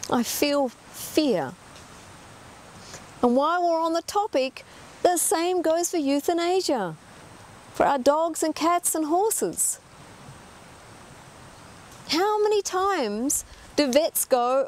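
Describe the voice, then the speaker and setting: A woman's voice: high-pitched, expressive, slow pace, pauses often, a little hiss or hum. A middle-aged woman giving an earnest talk as an animal communicator, emphatic and full of rhetorical questions.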